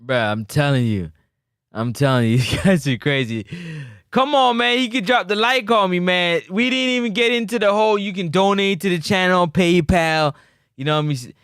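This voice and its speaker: A high-voiced man speaks at a moderate pace with a clean tone, running a casual sports talk livestream and bantering lively with chat. Clean studio sound, no echo.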